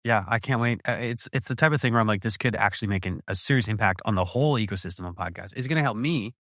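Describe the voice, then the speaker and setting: A man's voice: on the low side, fast talker, a bit bright, dry recording, clean studio sound. A man hosting a podcast interview, talking in an enthusiastic, effusive way with lots of restarts. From USA. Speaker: podcast host. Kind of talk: casual interview chat.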